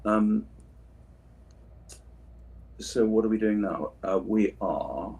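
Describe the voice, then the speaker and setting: A man's voice: on the low side, slow, vocal fry, darkish tone, slightly rough. A voice actor chatting casually on a livestream while signing prints, drifting through anecdotes and restarting his sentences. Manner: rambling, anecdotal, many restarts and asides.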